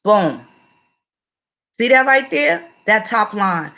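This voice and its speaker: A woman's voice: mid-range voice, sing-song, takes it slowly, bright, forceful tone. A woman giving a profane, repetitive livestream commentary, speaking in a confrontational way.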